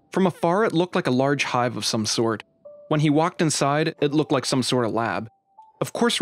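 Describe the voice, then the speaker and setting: A man's voice: medium pitch, no echo. A man hosting his channel, telling an adventure story from a game playthrough in an upbeat, dramatic storytelling manner. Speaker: channel host and narrator.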